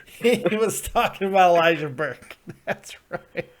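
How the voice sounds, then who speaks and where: Hosting his live wrestling review podcast, this man rants profanely and laughs a lot even though he's getting sick and his ears feel plugged. He speaks at a measured pace, and his voice sits high and is expressive.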